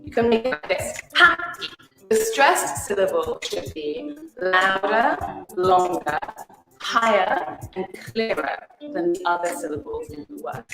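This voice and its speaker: Lively woman teaching, echoey with music. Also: on the high side, measured pace, creaky. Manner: lively, swoops up on stressed words. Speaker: pronunciation teacher in a video. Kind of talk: scripted teaching narration. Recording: echoey room with music behind.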